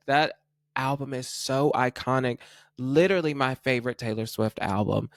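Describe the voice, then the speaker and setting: Guy chatting pop culture, gushy and giggly, says like a lot, mid pitch, dead dry sound. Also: normal speed, dry recording. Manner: chatty, gushing, lots of "like"; laughs at own slips. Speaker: podcast host. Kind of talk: casual pop culture monologue.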